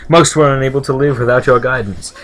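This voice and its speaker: A man reading the lines of a proud, wary male village leader from a game in a measured, formal way. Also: medium pitch, steady tone, lightly acted. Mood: grave.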